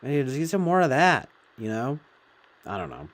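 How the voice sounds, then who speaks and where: A man's voice: on the high side, lively intonation, moderate pace, creaky. A man giving a meandering commentary, heavy on fillers and swearing. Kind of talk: casual rambling commentary.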